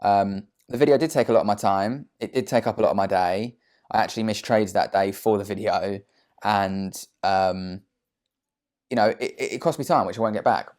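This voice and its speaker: A man talks casually to camera from his sofa at home. His voice sits low, and he speaks bluntly and chattily, with plenty of slang and "um"s. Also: moderate pace, a little mellow. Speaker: trader vlogger. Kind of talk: casual motivational talk to camera.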